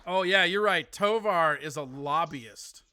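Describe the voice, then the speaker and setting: A man's voice: on the high side, animated, unhurried, background noise. A man hosting a live streaming show, trading sarcastic, profane, mock-outraged jabs with a caller in casual comedic banter.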